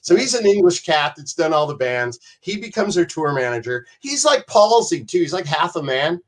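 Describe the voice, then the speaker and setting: Guy guest on a podcast, kinda high voice, swears a lot and rambles through stories. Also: very animated, moderate pace. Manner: rambling, profane, acts out voices in anecdotes. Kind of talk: casual storytelling on a podcast.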